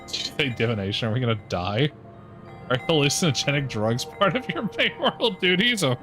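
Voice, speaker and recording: A male streamer reacts to a story game with dry, cursing asides, half-muttered to himself. His pitch moves a lot, and faint game music sits underneath. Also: very animated, fairly quick, bright, forceful tone. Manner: wry and profane, mutters asides. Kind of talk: casual gaming commentary.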